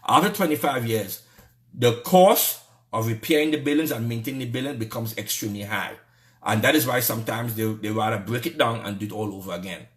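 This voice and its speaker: A man's voice: mid-range voice, fairly bright tone. A man with a Trinidadian accent giving a heated, repetitive, indignant political rant. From Trinidad and Tobago.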